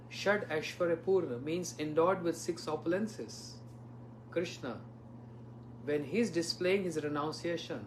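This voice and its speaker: Man, monk giving a storytelling devotional lecture; voice sits a touch high. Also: slight background noise. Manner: storytelling, asks listeners rhetorical questions. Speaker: visiting monk preacher.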